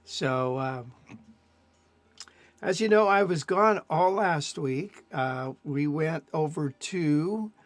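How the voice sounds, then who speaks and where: An older man hosts a live stream in a loose, rambling way, stringing stories together with plenty of filler words. His voice sits a little high for a man. The sound is close and dry, with no room echo. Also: animated, slow. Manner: rambling, chatty storytelling with many fillers. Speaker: host of a jazz guitar live stream. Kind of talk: casual live-stream chat.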